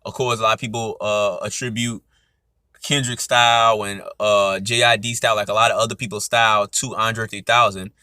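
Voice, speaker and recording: A man's voice: on the low side, flat delivery, normal speed, bright, forceful tone, clear, resonant tone, no room sound, clean studio sound. A young man with an Atlanta accent, hosting his own podcast and talking through his opinions in a loose, casual way, often tagging on "you know what I'm saying.". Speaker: podcast host. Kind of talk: casual solo commentary.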